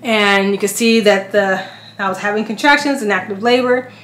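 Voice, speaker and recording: A woman's voice: moderate pace, slight background noise. A woman in her thirties, a family vlogger, telling a personal story casually to camera and acting out what people said. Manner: animated, acts out quotes with big pitch jumps. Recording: echoey room with faint music.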